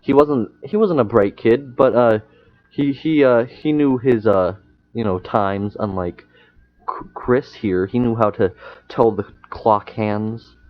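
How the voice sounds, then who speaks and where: A young man, a podcast guest, telling a story in casual chat, halting with many fillers and restarts. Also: mid-range voice. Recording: muffled lo-fi sound.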